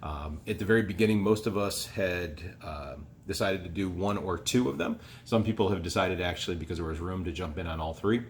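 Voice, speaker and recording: Deep-voiced, rambling homebrew reviewer man. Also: brisk, a little hiss or hum. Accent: rural American. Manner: relaxed, rambling, many fillers. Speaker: homebrewing video host. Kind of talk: casual beer review.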